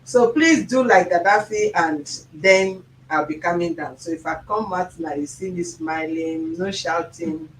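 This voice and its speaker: A Nigerian-accented host talks casually to viewers, joking and slipping into pidgin. The voice sits at a middle pitch and rings a little in an echoey room. A faint hum of background sound runs underneath. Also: unhurried, few pauses, recorded from a distance. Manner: jokey, animated, mixing in pidgin.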